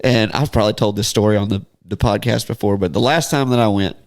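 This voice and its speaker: A man's voice: on the low side, fast. Chuckling man telling a story. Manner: laughs often while telling a story. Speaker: podcast host. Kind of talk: casual storytelling chat.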